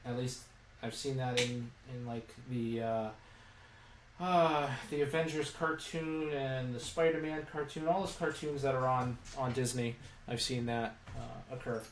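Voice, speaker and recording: A man casually talking through a toy set build, thinking aloud and rambling with lots of fillers and restarts, recorded indoors. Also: medium pitch. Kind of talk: casual live build commentary. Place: indoor room. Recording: echoey room, mic at a distance, faint hum.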